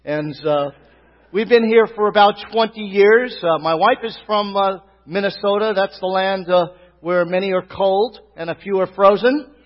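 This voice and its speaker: A man's voice: high voice, normal speed. A middle-aged man with a Brooklyn accent, a rabbi and pastor preaching a folksy sermon full of fillers and calls of "Amen?". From Brooklyn, New York. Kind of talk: sermon greeting and testimony. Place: church sanctuary. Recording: reverberant hall, dull lo-fi sound.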